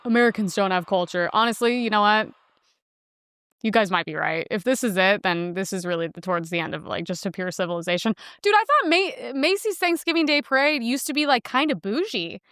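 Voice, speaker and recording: A woman's voice: mid-range voice, sing-song, fairly quick, a bit bright, smooth, no echo, clean studio sound. A young woman hosting a podcast in a casual, blunt monologue, full of filler words and crude asides. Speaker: podcast host.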